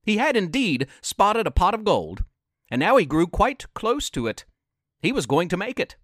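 A man reading a children's adventure story aloud as narrator, slow and expressive. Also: high-pitched, no echo, studio quality. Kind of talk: scripted narration.

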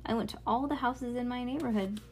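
A woman voicing a relaxed middle-aged dad who reminisces about his childhood, in a storybook read-aloud. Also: a little high, slight background noise, voice pushed up, lightly acted. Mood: nostalgic. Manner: breezy, nostalgic, brisk when reminiscing.

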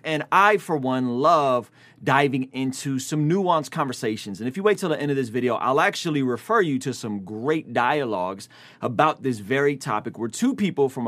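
A man's voice: a little high, a bit bright. A man giving opinionated casual commentary on a video clip, talking in a reflective way.

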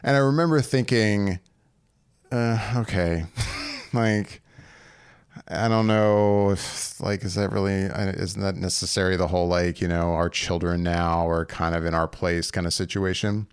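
A man's voice: deep voice, fairly even intonation, normal speed, clean tone, dry recording, clean studio sound. A man co-hosting a podcast in casual chat, rambling with frequent laughs and restarts. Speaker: podcast co-host.

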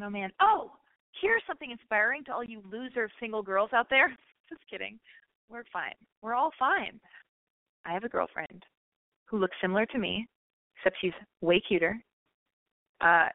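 Tinny phone-like sound with no echo carries this medium-pitched American woman's voice. In her thirties and with a slight lisp, she hosts a casual podcast monologue, rambling on, cursing freely and joking at her own expense.

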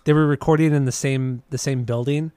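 Excited, swearing podcast host. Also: male voice, mid-range voice, a little fast, clean tone, no room sound. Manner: enthusiastic, swears often, trails off and restarts. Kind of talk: casual music podcast chat.

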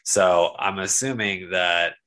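Lower-voiced man rambling with bright edge. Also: slow pace. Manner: rambling, hedging with fillers. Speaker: podcast co-host. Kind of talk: casual podcast chat.

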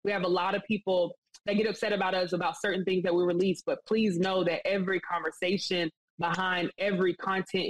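A woman's voice: mid-range voice, husky, no echo, poor audio. A woman speaking as an interview guest, earnest and enthusiastic, talking at length in a casual, rambling way.

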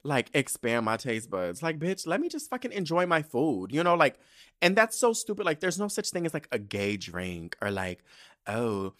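A young man talking on his own podcast, sassy and loose-tongued. He curses freely and swings between biting rants and chatty storytelling, with a lively, animated delivery. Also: fairly high pitch, normal speed. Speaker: podcast host. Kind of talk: casual solo podcast rant.

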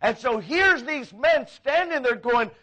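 A man preaching a sermon as a pastor, telling stories with animated, acted-out quoted voices. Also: very high-pitched, unhurried.

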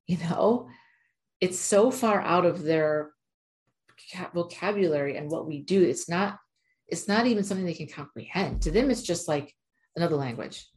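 A woman with a low, deep speaking voice tells a personal story straight to the listener. She talks in an emphatic, chatty way, leaning on fillers like "like" and pressing hard on her points. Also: expressive, normal speed, darkish tone. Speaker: animal communicator. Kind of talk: casual storytelling monologue.

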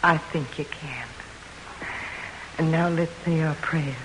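Slow and steady, a low female voice voices a determined frontier widow protecting her children in vintage 1940s radio acting. Her delivery is blunt, commanding and threatening, and background noise is audible.

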